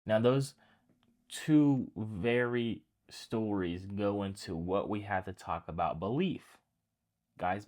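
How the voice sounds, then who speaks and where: Deep-voiced man preaching casually. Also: a little mellow. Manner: conversational, addresses listeners as guys, restarts phrases. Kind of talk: casual retelling sermon.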